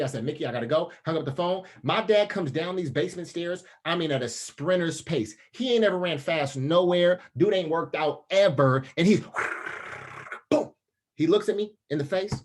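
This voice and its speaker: Casual and slangy, a motivational speaker in his thirties tells stories with lots of animation. He voices the other characters himself, leaping dramatically in pitch as he does.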